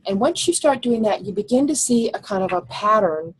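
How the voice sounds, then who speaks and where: A woman teacher giving a recorded slide lecture, explaining step by step and thinking aloud, slowing down when she reads lines of verse. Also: mid-range voice, animated, slight background noise, low-quality recording.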